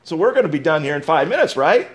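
A man delivers a sermon as pastor, his voice sitting high for a man. He drives points home with repeated rhetorical questions, then drops into quieter asides. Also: big pitch swings, fast, a little hiss or hum.

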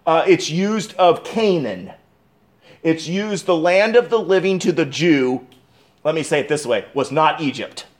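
A man delivering an expository sermon as pastor, preaching emphatically with dramatic pauses and restarts. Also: on the high side, expressive.

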